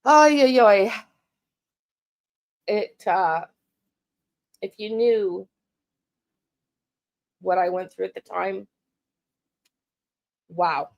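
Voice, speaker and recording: A woman's voice: on the low side, fairly even intonation, gravelly, darkish tone. A middle-aged woman from Canada speaks in a personal vlog monologue. She restarts often and repeats words as she goes. Her tone is frustrated and blunt, with casual swearing. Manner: halting and emotional, frequent restarts and repeated words. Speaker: true crime channel host.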